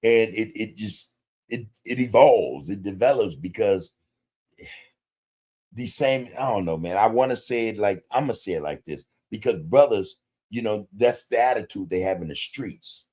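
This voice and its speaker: A man's voice: on the low side, animated, normal speed, darkish tone, slightly rough. A man hosting a podcast livestream, talking bluntly in street slang with plenty of profanity and greeting viewers in the chat. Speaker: podcast host. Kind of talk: casual livestream commentary.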